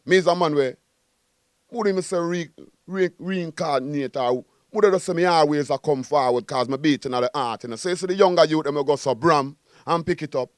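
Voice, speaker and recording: A man with a Jamaican accent, a musician being interviewed, talking in a boastful, animated, repetitive way. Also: a little high, brisk, dry recording, clean studio sound. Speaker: guest musician. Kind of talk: casual interview.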